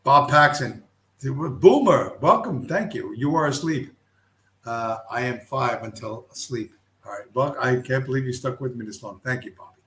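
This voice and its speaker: A man's voice: medium pitch, lively intonation, moderate pace, a bit bright. Blunt, profane middle-aged man streaming. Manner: blunt, heavily profane, heated. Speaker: livestream host. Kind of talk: profane casual rant. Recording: roomy echo.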